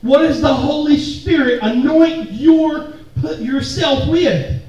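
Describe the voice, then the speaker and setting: High-pitched guy preaching casual w jokes, boomy echoey room, mic far away. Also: takes it slowly, a little mellow, dull audio. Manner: casual call-and-response preaching with humor. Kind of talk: sermon. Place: church hall or meeting room with an audience.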